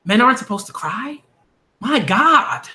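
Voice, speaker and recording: A man giving a ranting commentary vlog on manga, animated and exasperated, repeating phrases for emphasis. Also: extremely high pitch, a little slow.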